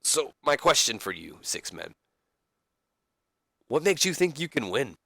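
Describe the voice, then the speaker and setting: A man's voice: mid-range voice, big pitch swings, creaky, fairly bright tone, no room sound, voice pushed up, exaggerated voice. A man doing a brash wrestling talk-show host. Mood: hyping. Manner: showman hype, drawn-out emphasis.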